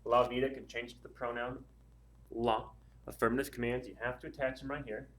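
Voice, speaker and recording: A man's voice: mid-range voice, little pitch movement, brisk, a bit bright. A man teaching a Spanish grammar lesson in a casual, patient way, working through examples one step at a time with frequent ums and uhs. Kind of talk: casual classroom explanation.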